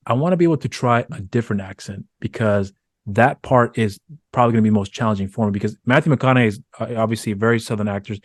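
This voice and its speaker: A man's voice: mid-range voice, dry recording, clean studio sound. A man hosting a podcast interview, asking long winding questions with many restarts. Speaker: podcast host. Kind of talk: casual interview chat.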